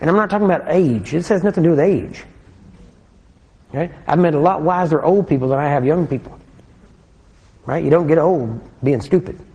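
Preacher with a mellow voice in a reverberant hall. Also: male voice, a little high. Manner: conversational, asks the congregation questions; slows down to read scripture aloud. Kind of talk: sermon.

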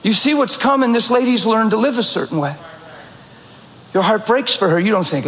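A male pastor preaching a sermon in a church, telling stories in a direct, animated, conversational way. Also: high-pitched, moderate pace, crowd noise. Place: church sanctuary. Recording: echoey church hall, faint ambience.

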